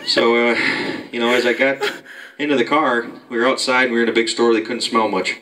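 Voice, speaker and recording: A man's voice: mid-range voice, fairly even intonation, a little fast. A man doing an improvised amateur stand-up routine at home, rambling and chuckling at his own jokes. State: out of breath near the end. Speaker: amateur comedian. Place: home basement. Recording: distant mic, noisy basement.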